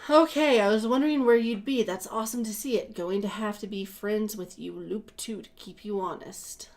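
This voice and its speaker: A sleep-deprived woman co-hosting a casual livestream, chatty and bubbly, often trailing off softer. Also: medium pitch, normal speed. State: tired from little sleep. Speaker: co-host.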